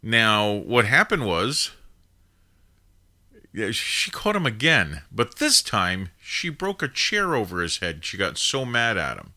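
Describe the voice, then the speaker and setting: A man in his fifties spins a rambling anecdote as host of a call-in show. His lowish voice swings up and down with animated emphasis, and his tone is hard and forceful, with many "now" and "you know" asides. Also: slow pace. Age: 50s. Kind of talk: casual anecdotal storytelling.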